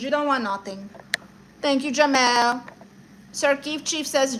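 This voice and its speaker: High, bright, sassy woman streamer. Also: normal speed, a little hiss or hum. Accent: Spanish-accented English. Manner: sassy, reads chat aloud and teases viewers. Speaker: livestream host. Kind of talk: live stream chat, comedic.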